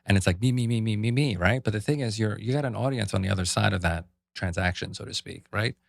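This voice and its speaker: A man co-hosting a podcast, telling stories in an animated way and acting out what others said. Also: fairly low pitch, quick pace, vocal fry, no room sound. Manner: animated storyteller, acts out quotes. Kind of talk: casual podcast conversation.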